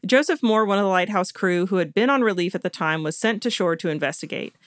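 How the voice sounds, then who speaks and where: A woman co-host retells a story on her podcast at a quick pace in a mid-range voice. She laughs often and trips over names along the way. The studio mic recording is dry and studio quality.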